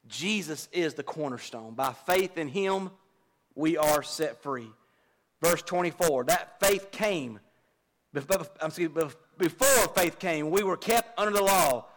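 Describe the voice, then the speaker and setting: A man's voice: fairly high pitch, fairly bright tone. A middle-aged man, a pastor preaching a folksy, confessional sermon and joking with his congregation. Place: church.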